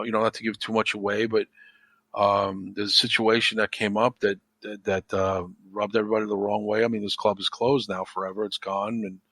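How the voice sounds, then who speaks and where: Low-voiced man rambling on a podcast. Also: sharp tone, no echo. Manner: rambling, repeats himself, frequent "you know". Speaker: podcast guest. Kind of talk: casual conversation.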